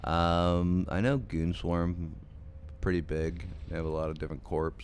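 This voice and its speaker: A man's voice: sits low, steady tone, a little slow, darkish tone, slight background noise. A man streaming a game late at night, sleepy and yawning, chatting casually with viewers in a rambling, hesitant way full of ums and restarts. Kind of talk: casual livestream chat with viewers.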